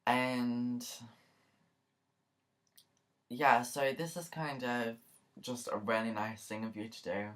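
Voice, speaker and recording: A woman's voice: a bass voice, steady tone, slow pace, pauses often. Chatty, rambling woman vlogger. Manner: chatty and rambling, many fillers and asides; earnest and emotional. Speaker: YouTuber. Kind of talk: casual vlog talk to camera.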